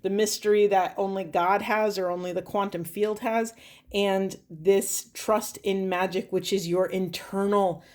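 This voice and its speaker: A woman's voice: medium pitch, steady tone, unhurried, darkish tone. A young adult woman giving a spiritual card reading, earnest and emotional, addressing spirit as she talks. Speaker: tarot reader.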